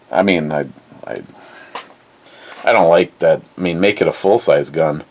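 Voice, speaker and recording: A man's voice: fairly low pitch, poor audio. A man, hosting a livestream in casual chat and reading out viewer comments in a rambling, blunt way with free swearing. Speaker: livestream host.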